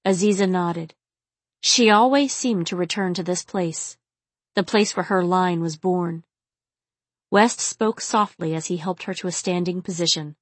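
A woman narrating a novel in a steady, intimate storytelling manner. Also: on the low side, measured pace, no echo. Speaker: audiobook narrator. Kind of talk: scripted audiobook narration.

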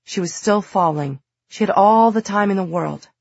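A woman narrating an audiobook in a steady, measured storytelling manner. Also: mid-range voice, creaky, no echo, dull audio.

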